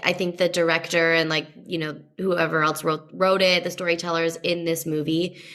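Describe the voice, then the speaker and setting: A woman's voice: sits low, little pitch movement, normal speed, fairly bright tone. A young woman co-hosting a podcast in casual chat, talking with lots of "like" fillers. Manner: chatty, many "like" fillers. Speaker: podcast co-host.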